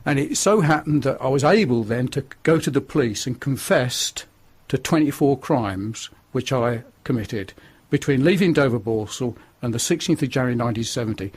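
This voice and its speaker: A man's voice: mid-range voice, animated, moderate pace, few pauses, husky. An older man from northern England, a radio interview guest telling his testimony in a forthright, preachy way.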